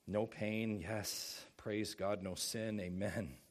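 Preaching as pastor, a man with a lower voice and fairly even intonation delivers his sermon slow and emphatic. He shifts from quiet asides to loud exhortations and asks rhetorical questions.

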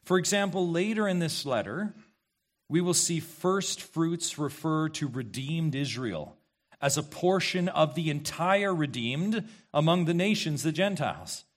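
A fairly high-voiced man preaches as pastor, leaning hard on his points. He asks the congregation questions and repeats key phrases for emphasis. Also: expressive, a little slow. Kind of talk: expository sermon.

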